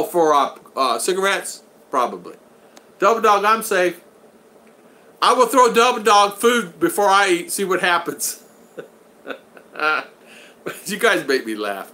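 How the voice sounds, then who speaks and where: With a high, bright, forceful voice, an older American man runs a relaxed livestream. He reads out viewer messages, says hello to people by name, and laughs a lot.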